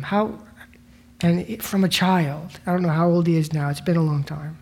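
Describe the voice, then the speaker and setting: A pastor teaching an informal Bible study in a church, talking in a halting, conversational way with frequent restarts, and reading scripture aloud before paraphrasing it in plain words. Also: medium pitch, steady tone, darkish tone.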